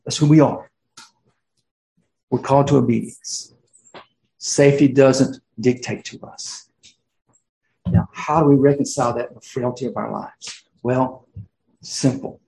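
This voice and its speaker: A man's voice: medium pitch, fairly even intonation, measured pace, gravelly, long pauses, mellow. A middle-aged man preaching a sermon as pastor, casual and conversational, full of fillers and restarts. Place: church sanctuary. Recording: roomy church echo.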